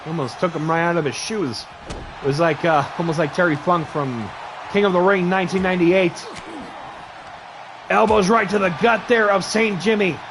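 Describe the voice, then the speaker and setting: Here a high-pitched man speaks at normal speed with fairly even intonation, some background noise behind him. He's giving excitable play-by-play of a wrestling match, firing off moves in short bursts and thanking his stream viewers in between.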